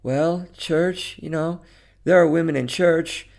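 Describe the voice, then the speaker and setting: A man's voice: fairly high pitch, steady tone, slow pace, vocal fry, a little mellow, pitched above the performer's own voice. A man reading a story, voicing a lonely middle-aged woman who sounds nervous and apologetic. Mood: hesitant.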